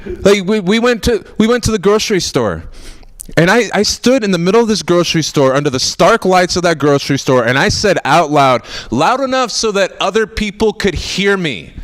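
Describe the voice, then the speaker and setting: A man's voice: high-pitched, expressive, normal speed. Rambling self-mocking young male comic. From Florida. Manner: rambling, self-mocking, bursts into loud mock outrage. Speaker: stand-up comedian. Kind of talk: stand-up set. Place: TV studio stage with a live audience.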